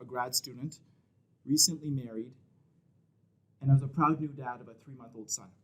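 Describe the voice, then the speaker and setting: A Canadian man in his thirties tells a vivid personal story on stage, acting out the voices of the people in it and shouting out the quoted children. He has a mid-range voice, and the audio is poor.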